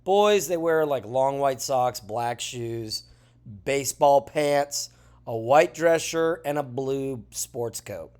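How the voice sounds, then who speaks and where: A man's voice: mid-range voice, slow. A male teacher talking through a classroom lesson in a chatty way, with joking asides, who says he is tired. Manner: chatty, lively, jokey asides. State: tired, yawning.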